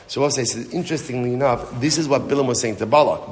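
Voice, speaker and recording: A man teaching a daily Talmud lesson as a rabbi, telling the story with lively, casual asides. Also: medium pitch, quick pace, few pauses. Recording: long hall reverb.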